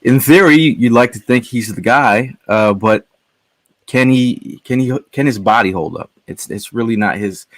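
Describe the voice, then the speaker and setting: A man guest on a casual podcast, telling stories in a halting, rambling way with many restarts. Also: medium pitch, dry recording. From Connecticut.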